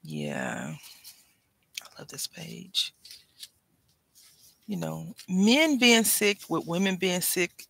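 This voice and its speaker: Gravelly, bright-voiced chatty woman crafter. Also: low voice, rough recording. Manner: chatty, rambling, wry complaining with laughs. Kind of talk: casual chat while crafting.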